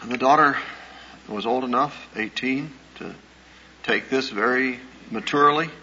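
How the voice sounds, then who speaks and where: An earnest male pastor tells a counseling story in a measured way, with small hesitations. His voice is bright and clear in the middle range. The recording is dull and lo-fi, with a faint hiss behind it. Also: mid-range voice. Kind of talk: sermon-style talk with anecdotes.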